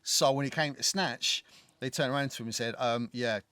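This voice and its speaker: A man co-hosting a casual film podcast, his voice sitting in an everyday middle pitch. He rambles, restarts sentences and swears freely. The recording is dry and close, with no room sound. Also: brisk, bright, forceful tone, clean tone, no echo. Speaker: podcast co-host.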